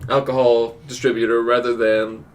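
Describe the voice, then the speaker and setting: A man's voice: mid-range voice, flat delivery, normal speed, recorded from a distance. A man co-hosting a casual podcast, rambling through his thoughts with many ums and restarts. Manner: rambling, filler-heavy, stops and restarts. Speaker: podcast co-host. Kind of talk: casual chat.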